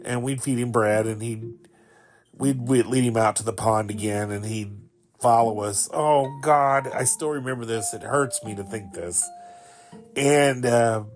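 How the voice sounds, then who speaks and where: A man's voice: medium pitch, measured pace, soft background music. A man in his fifties, a podcast host, telling rambling, sentimental stories about a childhood pet. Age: 50s. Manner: rambling, sentimental, with fillers and laughs. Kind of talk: casual storytelling monologue.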